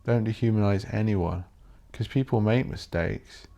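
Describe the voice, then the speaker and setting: A man with a very low voice, hosting his own podcast alone. He rambles and thinks out loud in a blunt, sweary, offhand way. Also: a little slow, creaky. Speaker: podcast host. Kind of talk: rambling solo podcast monologue.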